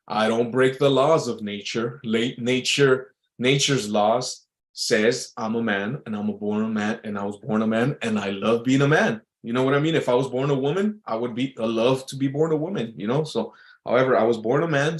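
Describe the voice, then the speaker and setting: A man's voice: on the low side, rough recording. Rambling man musing aloud. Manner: loose, repetitive, with frequent restarts and filler; reads out quotes and muses on them. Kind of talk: casual rambling monologue.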